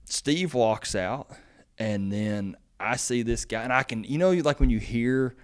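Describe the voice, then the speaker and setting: Unhurried and smooth, this mid-range male voice belongs to an extension agent who hosts a farm podcast. His storytelling wanders casually, packed with fillers, and livens up when something excites him.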